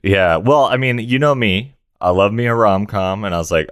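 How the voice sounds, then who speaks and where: A man with a very deep voice co-hosts a relaxed film podcast. He jokes and pokes fun at himself as he talks. The sound is dry and close. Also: normal speed, hardly any pauses, no echo. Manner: chatty, jokey, self-deprecating. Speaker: podcast co-host. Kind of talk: casual film-discussion chat.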